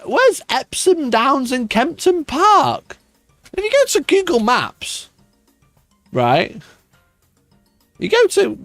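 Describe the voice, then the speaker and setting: A man's voice: very high-pitched, fairly bright tone, no room sound. A man hosting his channel, ranting sarcastically in casual commentary, swearing a lot and laughing. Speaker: YouTube host.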